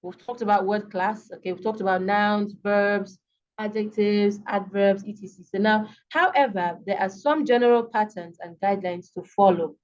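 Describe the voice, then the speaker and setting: Over a video call with dull, lo-fi sound, a Nigerian-accented woman lectures an online English lesson in a steady, mid-range voice at moderate pace. She repeats words patiently to demonstrate stress, with many fillers and "okay" check-ins.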